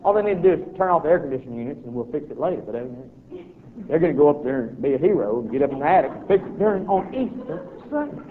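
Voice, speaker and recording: Brief: man, preacher spinning a funny story, lively and acting out voices, slightly high voice, phone-thin sound with hiss. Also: quick pace. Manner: animated, acting out voices and reactions. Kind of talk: humorous storytelling to an audience. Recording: tinny lo-fi recording with noise.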